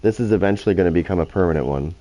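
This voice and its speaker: A man's voice: low voice, very fast, mellow. A man hosting a gaming channel, talking casually and profanely over his gameplay, often restarting his sentences.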